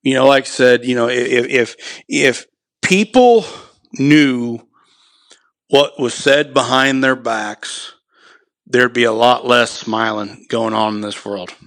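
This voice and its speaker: A man's voice: medium pitch, slow, a bit bright, no echo. Blunt, profane man on a podcast. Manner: blunt, profane, rambling with many "you know" fillers. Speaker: podcast guest, clay shoot organizer. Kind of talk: casual podcast conversation.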